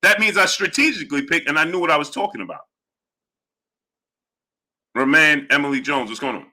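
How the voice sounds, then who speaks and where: A man's voice: a little high, a little fast, bright, forceful tone. A man hosting a live boxing stream, arguing with chatters and greeting them by name. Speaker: livestream host. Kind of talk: live chat boxing talk.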